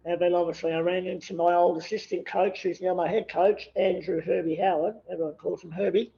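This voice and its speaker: Man in his 30s, high voice, self-deprecating humour, on a dull lo-fi recording. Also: fairly even intonation, fairly quick, gravelly, dark tone, slight background noise. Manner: joking, self-deprecating, laughs easily. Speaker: podcast guest, athlete. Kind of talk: casual interview chat.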